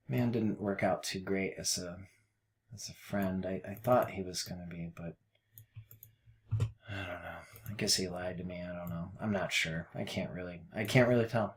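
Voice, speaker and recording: A man talking casually as a forex trading mentor, rambling and self-deprecating, swinging between low mutters and loud outbursts, with folksy phrases and mild cursing. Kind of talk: casual screen-share trading commentary.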